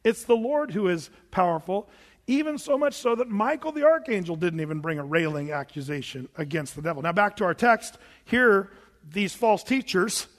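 A man preaching a conversational sermon as pastor, talking loosely with the congregation and now and then mocking shouting preachers. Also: sits high, lively intonation, moderate pace, in a large hall.

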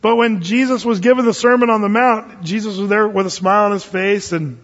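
A pastor teaching a conversational Bible sermon, reading scripture slowly and adding folksy, humorous asides. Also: male voice, high voice, fairly even intonation, fairly bright tone. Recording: dull lo-fi sound with long hall reverb.

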